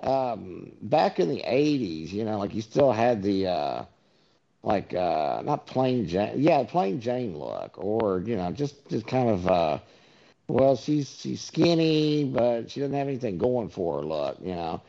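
A man's voice: lowish voice, sing-song, a little slow, vocal fry, dark tone. A man telling stories in a casual, rambling monologue, full of fillers and swearing. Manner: rambling storyteller, many fillers, profane asides. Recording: dull lo-fi recording.

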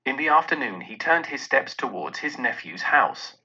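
Lively, bright-voiced male storyteller. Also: medium pitch, normal speed, slightly rough, dull audio. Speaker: narrator. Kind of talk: storybook narration.

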